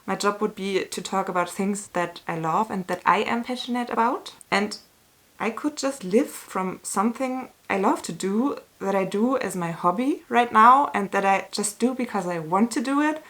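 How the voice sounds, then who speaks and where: A woman talking to camera as a YouTuber in a candid, earnest way, with slow, searching phrasing and small restarts, sometimes emotional. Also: medium pitch, fairly bright tone. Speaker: YouTuber answering a tag. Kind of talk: casual talk to camera.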